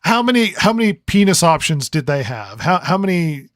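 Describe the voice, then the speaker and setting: A man's voice: fairly high pitch, very animated, normal speed, fairly bright tone, no echo. A man co-hosting a podcast review in casual chat, rambling and riffing with lots of stammered restarts. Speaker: podcast co-host.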